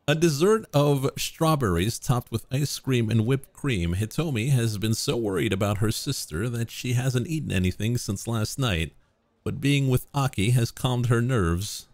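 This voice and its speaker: A man's voice: medium pitch, measured pace, darkish tone, no room sound. A man streaming a visual novel, reading the narration and characters aloud and breaking off into joking asides. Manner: reads narration, then drops into joking asides.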